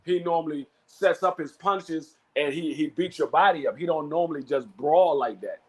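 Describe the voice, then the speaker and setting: A man with a notably high voice hosts a relaxed sports talk show. He often stumbles over his words, repeating a word or two before landing his point. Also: normal speed. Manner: stammering restarts, repeats words before finishing a thought. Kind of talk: casual chat.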